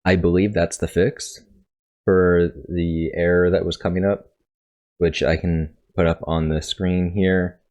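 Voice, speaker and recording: A man's voice: sits low, little pitch movement, measured pace, darkish tone. A man hosting a casual coding tutorial, thinking aloud and correcting himself as he goes, sounding congested. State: congested, coughing.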